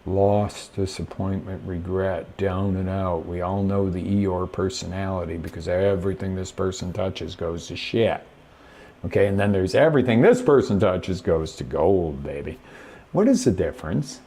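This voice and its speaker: A man's voice: low-pitched, lively intonation, moderate pace, dark tone, husky. A man hosting a live motivational coaching show, talking emphatically straight to his viewers from a webcam setup. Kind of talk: motivational live-stream talk.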